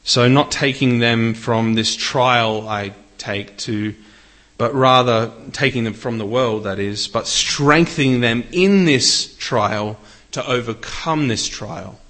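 A man's voice: mid-range voice, slow, a bit bright. A man preaching a sermon in an earnest way, lifting his voice when he reads scripture. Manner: earnest, rises for scripture readings.

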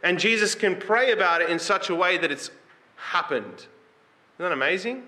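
A man's voice: high voice, expressive, normal speed, pushed and bright. A man preaching a sermon in a conversational way, reading scripture and putting questions to his listeners. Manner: reads scripture aloud with rising emphasis.

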